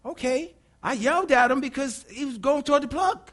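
A man preaching a sermon, emphatic, who swings from hushed to loud and repeats phrases for effect. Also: very high-pitched, fairly quick.

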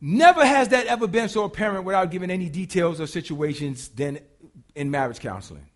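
A high-pitched man preaches with lively, playful energy, slipping into little acted-out voices for the people in his stories. His delivery is colloquial and humorous, with quick asides to his listeners. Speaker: pastor. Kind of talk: sermon.

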